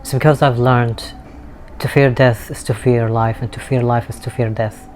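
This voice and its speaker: A man's voice: medium pitch, steady tone, moderate pace, darkish tone. A man vlogging a candid, emotional personal monologue, earnest and sometimes swearing, recorded outdoors in a city. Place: outdoors in a city with street music nearby.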